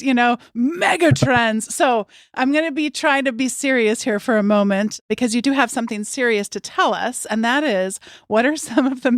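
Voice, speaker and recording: A woman's voice: on the high side, no room sound, studio quality. A woman hosting a podcast interview who reads a guest introduction and chats playfully. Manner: playful and jokey in chat, steady when reading the intro. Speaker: podcast host.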